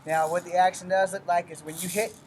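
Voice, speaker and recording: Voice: medium pitch, little pitch movement, a little fast, darkish tone, a little hiss or hum. A martial arts instructor giving a casual, step-by-step weapons demonstration, blunt and full of cursing. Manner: blunt and profane, with frequent cursing; explains step by step while moving through drills.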